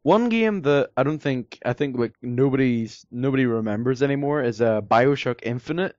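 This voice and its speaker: A man's voice: medium pitch, expressive, moderate pace, darkish tone, no echo. Rambling man on a lo-fi podcast. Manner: rambling, lots of fillers, sarcastic. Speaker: podcast co-host. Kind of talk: casual chat.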